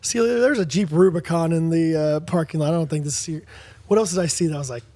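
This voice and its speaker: A man with a fairly high speaking voice, co-hosting a podcast and chatting casually. He tells stories with energy and slips into the voices of the people in them. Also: fast talker. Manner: animated storyteller, acts out dialogue. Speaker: podcast co-host. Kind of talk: casual chat.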